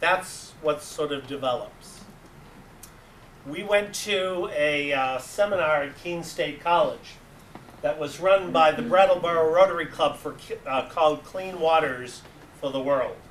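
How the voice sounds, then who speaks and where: Lively New England man telling stories. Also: on the high side, a little slow. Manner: animated, acts out voices in anecdotes. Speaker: club advisor giving a talk. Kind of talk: storytelling presentation. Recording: echoey room, distant mic, faint hiss.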